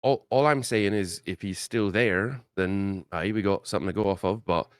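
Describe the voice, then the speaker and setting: A man's voice: sits low, moderate pace, clear, resonant tone, dry recording, studio quality. A man playing a tabletop role-playing game, talking in a laid-back, rambling way about the party's next steps. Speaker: tabletop player. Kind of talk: casual in-character table talk.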